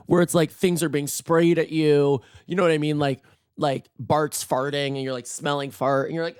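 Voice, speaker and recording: Hoarse campy man, dry close mic. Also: fairly high pitch, darkish tone, dry recording. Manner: playful, campy, self-mocking banter. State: hoarse, voice nearly gone. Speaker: podcast host. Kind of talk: casual solo podcast chat. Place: in bed at night.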